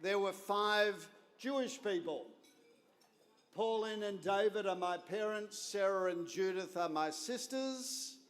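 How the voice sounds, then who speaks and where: An Australian man in his fifties tells a story at a gala dinner, slow and deliberate, landing each wry line with comic timing. His voice sits fairly high, and a long reverb from the big banquet hall trails every phrase. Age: 50s. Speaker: guest speaker at a gala dinner. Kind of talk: humorous storytelling speech.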